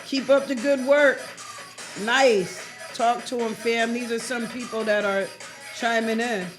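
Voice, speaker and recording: A woman hosting a podcast, hyping and encouraging her guest in an energetic way. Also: fairly high pitch, a little slow. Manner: energetic hype-calling, encouraging. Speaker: podcast host. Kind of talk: hype intro and interview chat. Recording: clear music playing behind.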